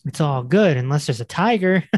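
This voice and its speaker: A man's voice: fairly high pitch, animated, normal speed, darkish tone, no echo. A man hosting a podcast, talking in a reflective, conversational way. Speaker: podcast host. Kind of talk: casual interview conversation.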